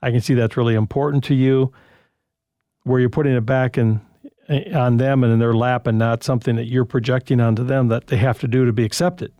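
A man's voice: medium pitch, steady tone, fairly quick, mellow, no echo, highs cut off. A man hosting a radio call-in show and giving parenting advice in a conversational, rambling way with restarts.

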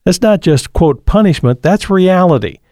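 A man's voice: high voice, animated, moderate pace, darkish tone, no echo, studio quality. A man hosting a call-in radio program, giving earnest parenting advice and reading listener comments. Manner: earnest, advising, preacher-like. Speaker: radio show host.

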